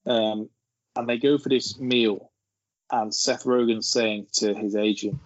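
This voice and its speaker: A man's voice: fairly low pitch, fairly even intonation, a little slow, dry recording. A man, rambling through an anecdote in casual podcast chat. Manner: rambling storyteller, laughing as he tells it. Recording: dull lo-fi sound.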